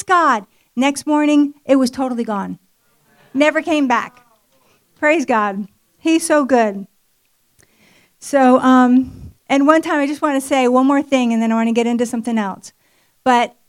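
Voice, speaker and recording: A woman's voice: a little high, a little mellow, clean tone. Woman sharing a church testimony. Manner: conversational storytelling with many fillers. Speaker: speaker at marriage ministry event. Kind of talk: personal testimony sermon. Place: church event hall.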